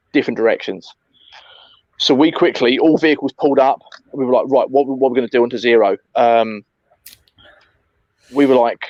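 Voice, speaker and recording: A man recounting an airsoft game in casual chat, animated, swearing often and calling his friend mate. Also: medium pitch, no room sound, dull audio.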